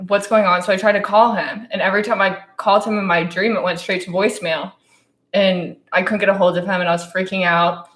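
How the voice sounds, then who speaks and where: A woman's voice: medium pitch, fairly even intonation, a little fast, a bit bright. A young woman co-hosting a casual podcast, playful and laughing often, telling stories with dramatic flair. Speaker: podcast co-host. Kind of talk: casual chat. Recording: echoey room.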